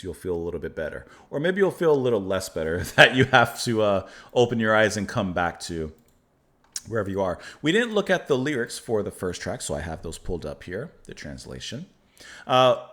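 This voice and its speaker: A man's voice: deep voice, very animated, fairly bright tone. A man hosting a music reaction channel, speaking casually and thoughtfully, sometimes stumbling over unfamiliar names. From United States. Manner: reads lyrics aloud slowly.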